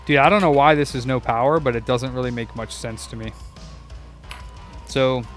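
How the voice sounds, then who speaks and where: Over soft background music, a young repair-shop owner chats on a livestream while working, cursing and rambling as he looks for parts and addresses both himself and his chat. He speaks at a normal pace in a mid-range, slightly bright voice.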